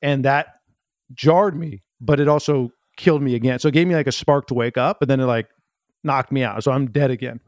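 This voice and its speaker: A man telling a long, earnest story, rambling and halting with many restarts. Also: mid-range voice, no echo, studio quality. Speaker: guest. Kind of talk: improv comedy storytelling.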